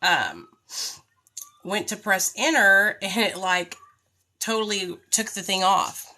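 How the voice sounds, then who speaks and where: A woman's voice: medium pitch, steady tone, slow pace, sharp tone. A woman chatting casually on a livestream, greeting viewers by name and venting when something goes wrong. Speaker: vlogger.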